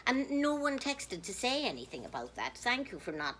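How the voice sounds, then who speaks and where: A woman with an Irish accent, rambling through a comic monologue as a nun, chatty and mock-pious with deadpan dark jokes. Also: medium pitch, brisk, hardly any pauses, slight background noise. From Ireland. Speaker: comedian in a nun persona. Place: outdoors, with passers-by.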